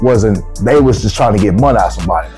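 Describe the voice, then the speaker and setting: A man with features, casually telling a travel story as a vlogger, swearing freely and jumping up in pitch when he quotes himself. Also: racing, faint music behind. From United States. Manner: animated, profane, rises sharply when quoting himself.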